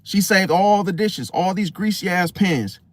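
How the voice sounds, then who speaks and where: An astrology vlogger tells his viewers a story, animated, slangy, and profane, speaking straight to them in a casual vlog. His voice sits high, his pace is measured, and the recording is dry.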